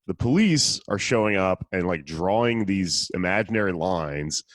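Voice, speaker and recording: A man's voice: sits low, expressive, moderate pace, no echo. A man hosting a casual podcast, telling a story in a profane, sardonic way. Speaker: podcast host.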